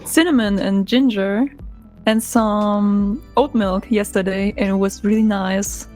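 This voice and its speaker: Woman, guest, soft-spoken, giggly, slow talker, faint music. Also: medium pitch, fairly even intonation. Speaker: guest YouTube creator. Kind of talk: casual chat.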